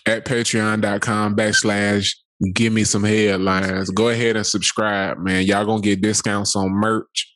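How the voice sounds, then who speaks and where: A man's voice: on the low side, flat delivery, a little slow, hardly any pauses, a bit bright, no echo. A man co-hosting a casual podcast, joking and emphatic in profane banter, plugging the show's supporters page. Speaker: podcast co-host. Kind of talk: casual podcast chat and sponsor plug.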